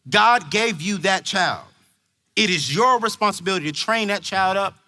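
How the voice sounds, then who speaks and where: A man giving an emphatic, preachy stage talk to parents at a large conference, shouting at the high points. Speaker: motivational speaker. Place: large conference hall before a crowd.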